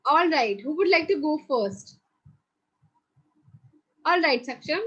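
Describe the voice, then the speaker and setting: A woman's voice: high-pitched, expressive, takes it slowly, fairly bright tone, highs cut off. A young woman who patiently guides students through an online drama class over a video call. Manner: patient, encouraging, explains step by step. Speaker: drama teacher.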